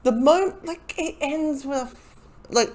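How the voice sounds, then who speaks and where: A man's voice: very high-pitched, slow pace. A man giving a casual, rambling spoken review of a movie, talking loosely and sometimes slipping into the voices of the people he quotes. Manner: rambling, acts out quoted lines. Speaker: film reviewer.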